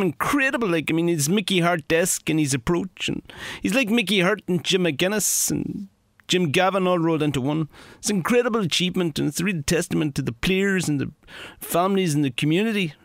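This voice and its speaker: A blunt football pundit, as a man puts him on, scornful and emphatic with lots of "you know". His voice runs high. The sound is close and dry. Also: fairly bright tone, no room sound. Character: blunt, dismissive male Irish football pundit.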